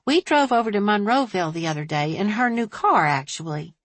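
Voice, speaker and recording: A woman voicing a shrewd, observant small-town woman who talks briskly and thoughtfully. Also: mid-range voice, lively intonation, no room sound, lightly acted. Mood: confiding.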